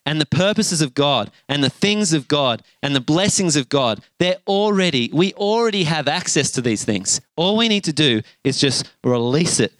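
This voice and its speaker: Animated man preaching. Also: fairly high pitch, normal speed, few pauses, no room sound. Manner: animated storyteller, acts out voices with shouts and gasps. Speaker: pastor. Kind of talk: sermon with storytelling.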